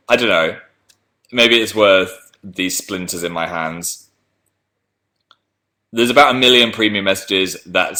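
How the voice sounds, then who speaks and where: A man hosting a casual livestream reads viewer messages aloud and rambles in a chatty, self-deprecating way. His lowish voice is bright and forceful.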